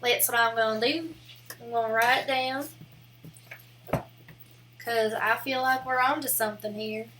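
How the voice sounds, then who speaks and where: A woman's voice: a little high, fairly even intonation, unhurried, long pauses, fairly bright tone, slight background noise. A young woman streaming live, rambling in a casual, giggly way with lots of "like" fillers. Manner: rambling and giggly, heavy use of "like".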